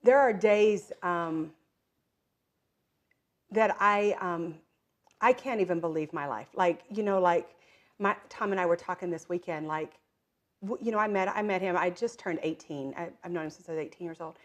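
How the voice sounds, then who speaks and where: A lowish-voiced middle-aged woman, moderate in pace, is the guest in an informal interview about her direct-selling business. Lots of "like" and "um" run through her talk as she laughs often and plays out the voices in her stories with gusto.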